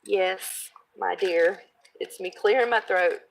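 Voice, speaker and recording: A woman in her thirties casually chatting while she crafts, rambling off on tangents, laughing at herself and clearing her throat. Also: mid-range voice, unhurried, a bit bright, slight background noise, rough recording. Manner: rambling, self-deprecating, laughs often. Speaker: craft video host.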